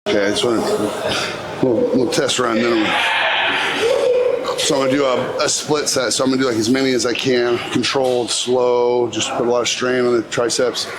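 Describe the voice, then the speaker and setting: A man's voice: mid-range voice, sing-song, moderate pace. A man telling stories casually while training at the gym, rambling, swearing freely and laughing as he talks. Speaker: fitness vlogger. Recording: loud crowd noise behind.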